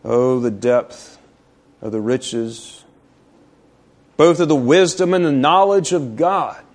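Slowing to stretch key phrases and building with emphatic rhetorical questions, a male pastor preaches a sermon. His mid-range voice has a slightly mellow quality.

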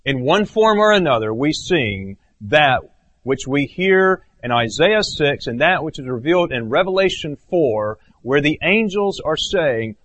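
A man preaching a sermon as pastor, earnest, swinging between raised emphatic phrases and low hushed ones. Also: big pitch swings, a little slow, dull audio.

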